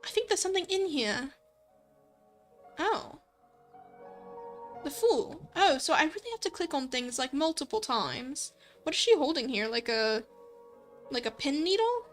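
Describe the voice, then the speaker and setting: A woman's voice: sits high, very animated, measured pace, long pauses. A young adult woman streamer in casual let's play commentary, chatty and giggly, thinking aloud. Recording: faint background music.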